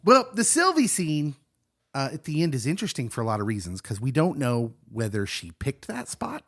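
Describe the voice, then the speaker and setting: A man co-hosting a casual chat, his pitch swinging up and down as he talks. He sounds enthusiastic and jokey, and now and then he breaks into bursts of excitement. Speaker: podcast co-host. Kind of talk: casual watch-along chat.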